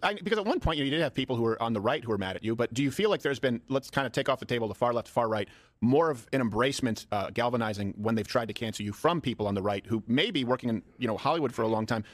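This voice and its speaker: Male interviewer, quick probing questions, dry close mic. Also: mid-range voice, expressive, dry recording.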